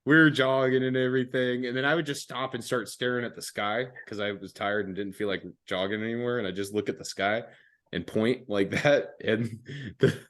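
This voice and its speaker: A man's voice: medium pitch, steady tone, moderate pace, fairly bright tone. A young man hosting a podcast, telling a story casually with lots of swearing and slang. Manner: laid-back, profane, laughs often, fillers like "dude" and "man". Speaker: podcast host.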